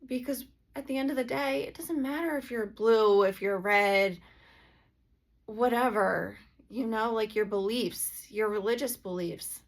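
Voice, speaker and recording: Earnest lady energy healer chatting to camera, bit of vocal fry, says like a lot. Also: a little high, steady tone, measured pace. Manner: earnest, many filler "like"s. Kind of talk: casual heartfelt vlog talk.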